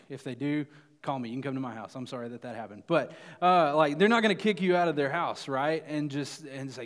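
A man's voice: medium pitch, fast talker. Chatty young man preaching in a hall. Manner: casual, chatty, often asks "right?". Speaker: youth pastor. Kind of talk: youth sermon with personal story.

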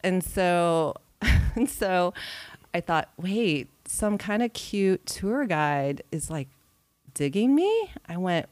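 A woman's voice: fairly low pitch, slow, clean tone, no echo. A woman in her forties, a podcast guest telling a personal travel story in casual chat, acting out her own thoughts as she goes. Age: 40s. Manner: lively storyteller who acts out her own quoted thoughts.

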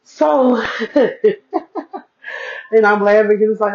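Woman, solo podcast host, easygoing repetitive chat, mid-pitched voice, muffled lo-fi mic. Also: drawn-out words, darkish tone. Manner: chatty, repeats herself for emphasis, addresses listeners as y'all. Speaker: podcast host, single mom. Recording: dull lo-fi recording.

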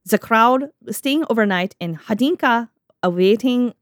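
A woman reading out a detached Russian emperor's diary in a mock Russian accent, flatly and with stops. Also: a little high, a little slow, no room sound, clean studio sound, pitched above the performer's own voice. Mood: deadpan reading. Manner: flat reading that keeps breaking off.

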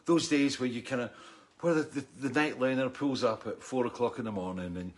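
A man's voice: medium pitch, a little fast. A man hosting a casual livestream chat, rambling and swearing, with many "you know"s. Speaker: show host.

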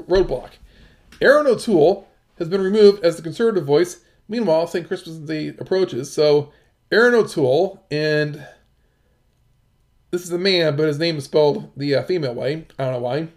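A man with a somewhat high voice reads news articles aloud and breaks off into his own comments. His delivery is halting, full of fillers and restarts. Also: a little mellow.

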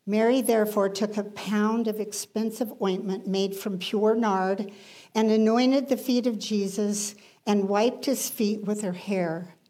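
A woman preaching a sermon, emphatic, rising in intensity and then dropping to hushed lines. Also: medium pitch, fairly even intonation, unhurried.

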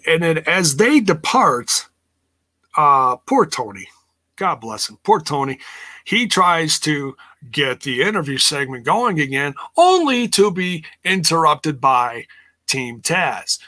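Husky guy rambling through a wrestling recap on his podcast, bright voice that bounces all over, cusses a lot. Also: on the high side, very animated, slow pace. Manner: rambling and blunt, swears freely. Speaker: podcast host.

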